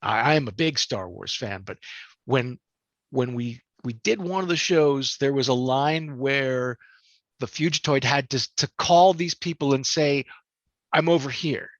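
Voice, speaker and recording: A man's voice: medium pitch, measured pace, dry recording, dull audio. An older man, a voice actor, chatting animatedly about his work in an interview. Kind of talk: interview storytelling.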